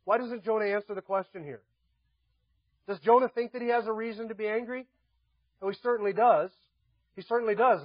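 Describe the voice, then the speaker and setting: A man's voice: high voice, no echo, highs cut off. A man preaching a sermon, emphatic and full of rhetorical questions, building up through repeated lists. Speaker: pastor.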